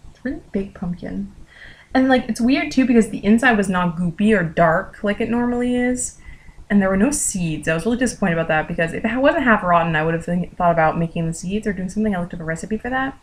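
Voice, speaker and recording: A young woman from the United States telling a story in a casual vlog, animated and full of "like" fillers. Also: medium pitch, fast, rough recording. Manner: animated, with lots of "like" fillers and gasps. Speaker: vlogger.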